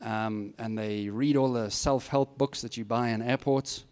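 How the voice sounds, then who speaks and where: A man's voice: medium pitch, steady tone, unhurried, a little mellow, smooth. Candid, plain-spoken male speaker. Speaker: guest speaker. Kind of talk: informal advice talk to students.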